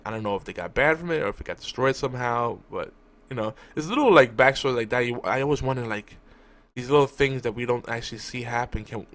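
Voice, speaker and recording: A man talking casually as a podcast host, recapping a TV episode with lots of restarts and asides. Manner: rambling, with frequent restarts and fillers; talks to his cat in a high cooing voice. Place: home room at a desk.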